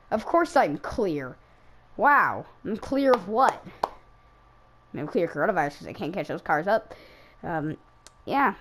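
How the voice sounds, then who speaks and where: A gaming YouTuber racing in an online league, a woman offers casual, self-deprecating running commentary and exclaims whenever cars crash. Her voice is fairly low and a bit bright, with slight background noise.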